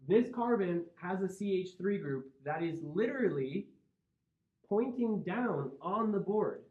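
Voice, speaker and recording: A man with a Midwestern accent teaching a chemistry class, explaining step by step and checking in with his students. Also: on the high side. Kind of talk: classroom lecture. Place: lecture classroom. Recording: roomy, dull lo-fi classroom recording.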